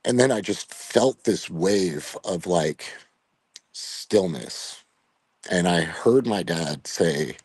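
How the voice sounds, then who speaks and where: A middle-aged man, a retired Air Force veteran, telling a personal story in a podcast interview, reflective and emotional, halting with fillers. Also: sits low, expressive, darkish tone, slightly rough, dry recording.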